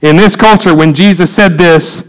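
A man, preaching a sermon in a church, swinging from loud emphatic peaks to low quiet asides. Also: normal speed, low-quality recording. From United States. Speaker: pastor. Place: church sanctuary.

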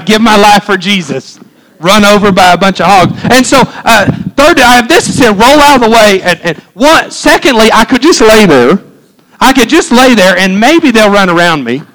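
Emphatic high-voiced preacher man. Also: normal speed, rough recording. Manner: animated, emphatic, exclaims sound effects. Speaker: pastor. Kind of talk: sermon with personal story.

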